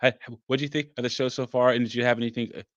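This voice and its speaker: A man hosting a casual podcast reaction chat, talking haltingly with stumbling restarts. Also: mid-range voice, fairly even intonation, dry recording, highs cut off. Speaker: podcast host.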